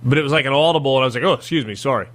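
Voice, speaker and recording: A man, hosting a sports radio show in a chatty, self-deprecating way that turns animated when he jokes. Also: mid-range voice, rapid-fire. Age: 40s. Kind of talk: casual sports radio talk.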